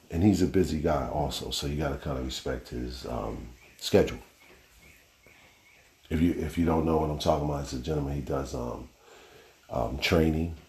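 A man's voice: very deep voice, darkish tone, echoey room. A man hosting a casual solo podcast, telling stories in a loose, rambling way with slang and the odd curse. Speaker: podcast host.

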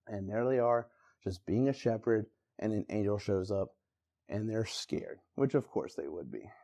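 A man's voice: fairly low pitch, moderate pace, creaky. A man preaching a casual, conversational Christmas sermon, acting out the people in the story with bursts of energy. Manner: animated, conversational, acts out quotes with bursts of energy. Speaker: pastor.

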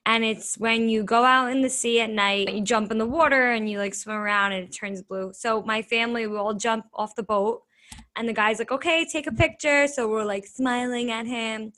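Young woman, kinda high voice, rambling through a story on a podcast. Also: steady tone, normal speed, bright, forceful tone. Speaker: podcast co-host. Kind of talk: casual storytelling.

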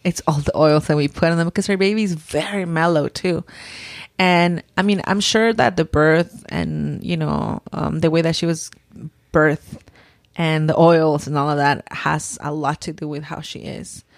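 With a low, creaky voice and fairly even intonation, a mother of three chats unhurriedly about her daughters, rambling, restarting often, and dropping in Spanish words. The recording is dry and studio quality.

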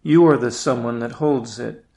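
A man's voice: mid-range voice, normal speed, vocal fry, a little mellow. A male priest giving a reflective prayer meditation, at times speaking directly to Jesus.

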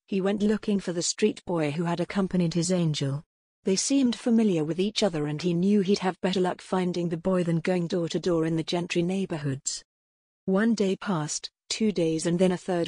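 A woman narrating a historical romance audiobook in a steady, even reading manner with a husky voice. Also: on the low side, no echo, clean studio sound.

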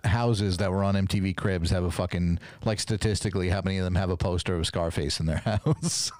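A man's voice: sits low, steady tone, fairly quick, a little mellow. A man hosting a podcast, swearing freely and laughing as he tells stories in crude casual banter. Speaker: podcast host. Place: small studio with equipment.

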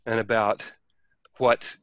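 A man's voice: lowish voice, flat delivery, slow, fairly bright tone, no echo. A man telling a personal story in casual conversation, rambling with many restarts and acting out quoted speech.

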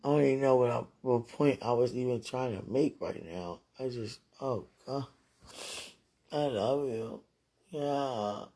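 A woman's voice: a bass voice, a little slow, mellow, slightly rough. A woman talking into a phone held close, emotional and repetitive, with a prayerful tone, as if speaking live to a loved one.

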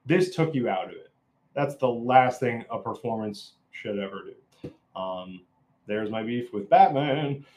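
A man's voice: mid-range voice, animated, measured pace, a little mellow. A man giving a casual, opinionated film review, rambling and often restarting his sentences.

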